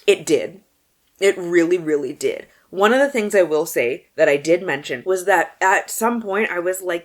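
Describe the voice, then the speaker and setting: A young woman talking casually to camera about the books she finished this month. Her voice is slightly low and very expressive, dropping to near-mumbles and then jumping up in loud, profane exclaims. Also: moderate pace. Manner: animated, swearing, swings from mumbling to loud exclaims. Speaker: book vlogger. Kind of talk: casual book wrap-up chat.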